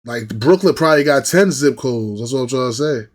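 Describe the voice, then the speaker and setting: A man's voice: medium pitch, brisk. Slangy New man rambling casually. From New York. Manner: slangy, repetitive, animated when imitating others. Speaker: reaction video host.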